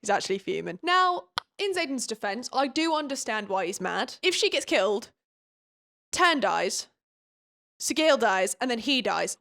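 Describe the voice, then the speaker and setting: A woman's voice: on the high side, a bit bright. A young woman recapping a book in a casual, sarcastic, exasperated way, laughing often.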